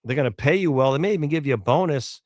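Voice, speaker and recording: A man's voice: a little high, expressive, fast talker, no room sound, clean studio sound. A man hosting a talk radio show, speaking in a conversational, rambling way with fillers and repeated words.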